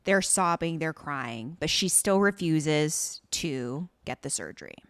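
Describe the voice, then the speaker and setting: Lively woman recapping a drama. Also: low-pitched, measured pace. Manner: lively storyteller, recaps scenes with exasperation. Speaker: podcast co-host. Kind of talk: casual chat.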